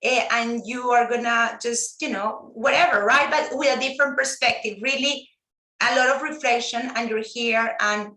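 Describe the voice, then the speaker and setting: A woman whose first language is Spanish, a guest teacher talking earnestly and warmly in a casual live-stream chat, often restarting her sentences. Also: fairly high pitch, moderate pace, echoey room, low-quality recording. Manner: earnest, heartfelt, many restarts.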